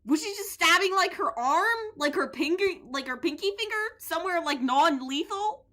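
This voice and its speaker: A young woman streamer giving playful, goofy commentary on a game, animated and jokey with bursts of shouting. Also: very high voice, moderate pace. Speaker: gaming streamer.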